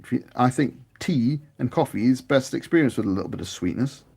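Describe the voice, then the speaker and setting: A British man with a husky voice chats casually while painting miniatures, rambling and growing animated. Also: medium pitch, a little fast. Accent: British English. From United Kingdom. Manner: rambling, chatty, grows animated.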